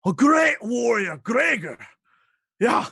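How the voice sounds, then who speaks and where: A man voicing a pompous male royal advisor who makes a grand, drawn-out proclamation in a tabletop game. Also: very high-pitched, sing-song, creaky, bright, forceful tone, husky, dry recording, studio quality, pitched above the performer's own voice, heavily acted. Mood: grandiose.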